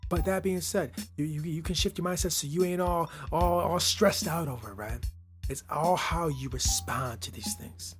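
A man hosting a motivational podcast, talking straight to the listener, often tagging lines with "right?" and swinging from loud emphasis to quiet asides. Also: on the high side, moderate pace, faint music behind. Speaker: podcast host.

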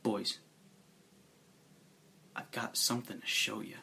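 A man's voice: mid-range voice, slow. Man doing an unhinged pirate captain. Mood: hushed menace. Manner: hushed, menacing pirate growl.

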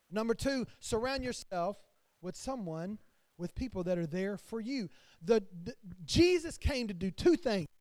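A man preaches to his congregation in a strikingly high voice. He swells louder and drops softer as he preaches. The sound is dry, with almost no room echo. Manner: preaching to a congregation, rising and falling in loudness. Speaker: pastor. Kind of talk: sermon.

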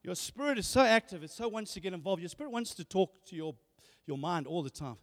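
High-voiced preacher in a hall. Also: male voice, fairly quick. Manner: animated, repeats words, rhetorical questions. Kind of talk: sermon. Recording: hall reverb.

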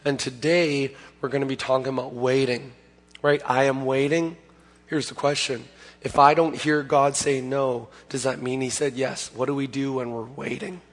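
A man preaching a conversational sermon as pastor, hoarse from having lost his voice, chatty and plain-spoken with frequent self-corrections. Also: medium pitch, little pitch movement, moderate pace. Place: church sanctuary. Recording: long hall reverb.

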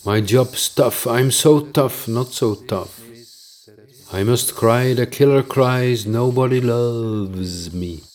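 A man's voice: medium pitch, slow pace, darkish tone, natural voice. A man playing a tired, self-pitying, bullying male manager with a Dutch accent, chanting short repetitive rhyming lines.

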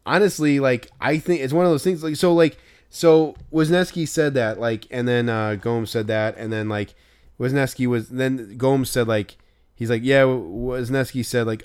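Man, casual podcast chat, smooth clear voice, rambling storytelling, shouted acted-out quotes. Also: mid-range voice, moderate pace. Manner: animated retelling with loud acted-out quotes and filler "like". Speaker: podcast co-host.

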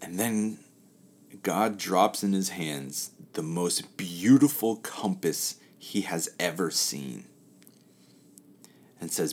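Low-voiced man telling a parable. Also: expressive, takes it slowly, long pauses. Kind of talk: casual spoken parable for listeners.

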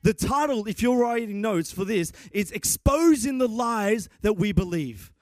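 A man's voice: sits high, expressive, a little slow, no echo, studio quality. A man preaching a sermon and telling a self-mocking personal story. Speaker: pastor.

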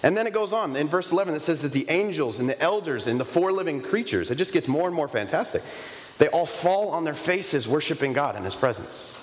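A man's voice: fairly high pitch, expressive, fairly quick. Conversational man preaching in a reverberant hall. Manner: conversational, emphatic, with rhetorical questions. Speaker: pastor. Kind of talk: sermon. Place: church sanctuary. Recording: long reverb of a large hall, faint ambience.

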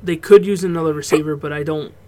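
High-voiced man talking football casually. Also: fast. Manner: relaxed, swears freely, breaks off into laughs. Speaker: podcast co-host. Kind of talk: casual sports chat.

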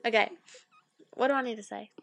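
A woman with a Southern US accent, co-hosting a podcast in casual chat, drawling her words slowly and poking fun at herself. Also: a little high, fairly even intonation, vocal fry, fairly bright tone, no echo, studio quality. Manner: drawn-out slow words, self-mocking. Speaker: podcast co-host.

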